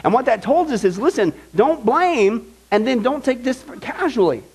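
A man's voice: very high voice, sing-song, normal speed, breathy edge. A man teaching a Bible study in an emphatic, conversational way, often checking in with "okay?" and "right?". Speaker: pastor.

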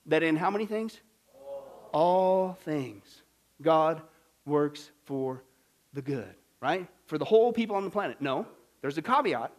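High-voiced preacher, hushed to shouting. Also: male voice, lively intonation, unhurried. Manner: swings from hushed to shouting, emphatic. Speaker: pastor. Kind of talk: sermon.

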